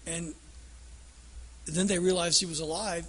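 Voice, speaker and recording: Husky, high-voiced preacher. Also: male voice, steady tone, unhurried. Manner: folksy storytelling that builds to emphatic declarations. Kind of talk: sermon.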